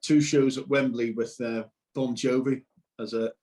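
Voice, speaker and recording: A middle-aged man, telling a lively story as a guest and acting out what people said. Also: medium pitch, a little slow. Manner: animated, acts out quotes loudly. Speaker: musician guest, husband. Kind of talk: casual storytelling.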